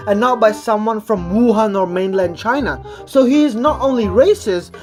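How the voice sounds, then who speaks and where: A woman's voice: medium pitch, normal speed, darkish tone, faint music behind. A woman giving comedic reaction commentary in a sarcastic, mocking tone.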